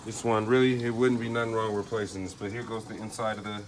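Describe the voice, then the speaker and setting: A man's voice: lowish voice, little pitch movement, quick pace, slight background noise. A man casually narrating a car repair in a loose, slangy way, thinking aloud as he works. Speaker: DIY car repair vlogger.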